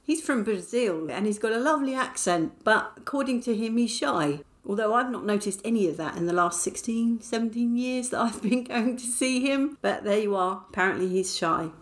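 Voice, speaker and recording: A woman's voice: on the high side, moderate pace, hardly any pauses. A middle-aged woman from England hosting her podcast, chatting in a casual diary style, self-mocking and laughing often. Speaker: podcast host.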